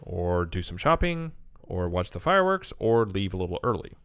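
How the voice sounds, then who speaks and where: A man's voice: sits low, sing-song, normal speed, a bit bright, clean tone, dry recording. A man co-hosting a casual chat full of theme park tips, rambling with fillers. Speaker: co-host.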